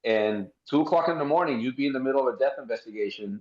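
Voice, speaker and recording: A man's voice: mid-range voice, fast. A man co-hosting a podcast, chatting casually and cutting in with playful jokes. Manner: playful, jokey interjections. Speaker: podcast co-host. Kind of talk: casual conversation. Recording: dull, roomy sound.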